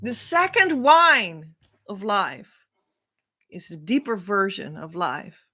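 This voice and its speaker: Slow, earnest woman giving a spiritual talk. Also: mid-range voice, big pitch swings, soft background music. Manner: earnest and rambling, with frequent soft laughs. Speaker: spiritual teacher.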